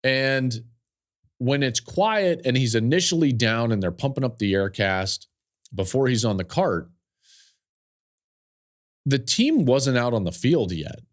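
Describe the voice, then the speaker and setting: A man's voice: medium pitch, animated, measured pace, pauses often. A man hosting a podcast, telling a story in an earnest, emotional way with fillers and repeated phrases. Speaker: podcast host and football analyst.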